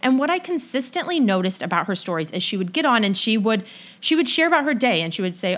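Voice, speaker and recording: A young adult woman, a business coach, giving casual solo podcast advice in a chatty, animated storytelling way full of "like". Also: fairly high pitch, quick pace.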